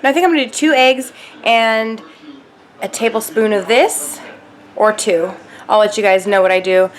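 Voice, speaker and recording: A woman's voice: fairly high pitch, fairly even intonation, moderate pace. A young woman vlogging her day, chatting casually to her viewers. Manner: chatty, addresses viewers as you guys. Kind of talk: casual chat.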